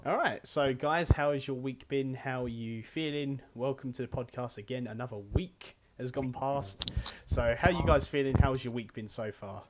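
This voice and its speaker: A man's voice: medium pitch, moderate pace, few pauses, noisy background. A young man hosting a casual gaming podcast, upbeat and rambling with fillers. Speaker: podcast host.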